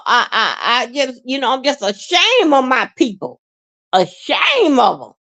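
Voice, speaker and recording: A woman hosting a livestream, rambling in a halting, repetitive way with many fillers and plenty of emotion. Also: high-pitched, very animated, fairly bright tone. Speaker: livestream host. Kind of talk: rambling live-stream monologue.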